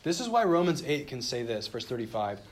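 A man preaching a sermon in an earnest, measured way, slowing down and dropping softly for emphasis and reading scripture aloud with heightened feeling. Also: medium pitch, very animated. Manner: earnest, measured preaching with dramatic slowdowns and soft drops. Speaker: pastor.

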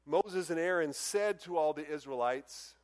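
Preacher, male, high voice, animated delivery with raised acted-out quotes. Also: measured pace. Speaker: pastor. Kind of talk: sermon.

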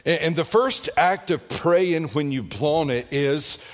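A man preaching a sermon as pastor, emphatic, his pitch swinging up and down with each point. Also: slow pace.

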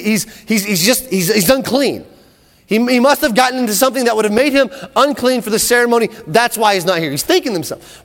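A man preaching a sermon in animated storytelling style, often repeating words, in an echoey hall. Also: high-pitched.

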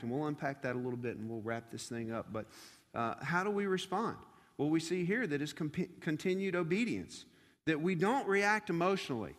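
High-voiced man preaching in a reverberant hall. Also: expressive, a little fast. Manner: repetitive, emphatic preaching with rhetorical questions. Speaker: pastor. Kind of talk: sermon. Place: church service before a congregation.

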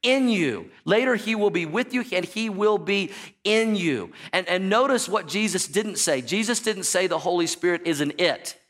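A pastor preaching a sermon in a church, animated and joking, and calling out to the congregation for answers. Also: male voice, high-pitched, moderate pace. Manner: jokey storytelling asides. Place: church sanctuary.

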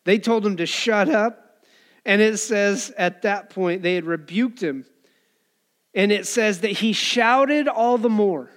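A man's voice: high voice, slow, a bit bright. A pastor preaching a conversational sermon to his church, acting out voices from the story. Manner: conversational preaching, acts out crowd and beggar voices.

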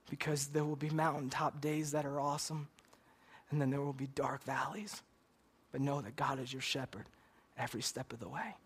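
A man's voice: medium pitch, a bit bright, breathy edge. A man preaching a sermon and leading a closing prayer, earnest and direct, often checking in with "right?". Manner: earnest, repeats "God" and "Lord" in prayer; asks "right?" of the listeners.

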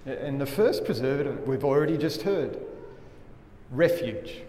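A man preaching a sermon as a pastor, earnest and emphatic, often dropping his voice low for weight. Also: lively intonation, moderate pace, mellow. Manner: earnest, emphatic preaching with dramatic drops in volume. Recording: echoey hall with faint room noise.

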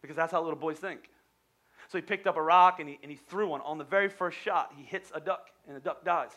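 A male pastor delivering an energetic sermon in a storytelling manner, stumbling and restarting at times. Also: on the high side, quick pace.

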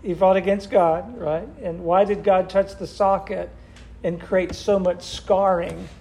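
A man's voice: high voice, steady tone, unhurried, gravelly, warm tone, a little hiss or hum. A man leading a church Bible study, asking the group questions and repeating their answers back. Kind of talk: interactive Bible study teaching.

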